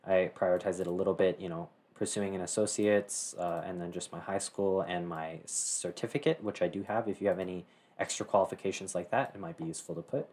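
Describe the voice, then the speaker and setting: A man's voice: deep voice, fairly even intonation, fairly quick, a little mellow. A teenage boy casually talking through a screen-share tutorial, rambling with many fillers and self-corrections. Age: teens. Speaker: tutorial host.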